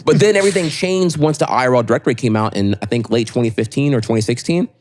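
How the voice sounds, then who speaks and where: A man as a guest on a podcast, telling animated stories in casual chat and swearing freely. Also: medium pitch. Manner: fast, animated storytelling with lots of swearing.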